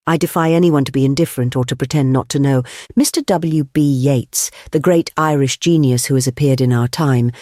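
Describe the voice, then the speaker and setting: Mellow, measured male audiobook narrator. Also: on the high side, dry recording, clean studio sound. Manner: measured, deliberate reading with phrase-by-phrase pauses. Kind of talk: scripted audiobook reading of essays.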